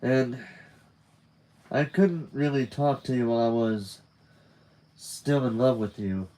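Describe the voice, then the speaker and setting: Man voicing soft-spoken wry young guy, medium-pitched voice. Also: takes it slowly, lightly acted, poor audio. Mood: hurt. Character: gentle, dryly funny young male student.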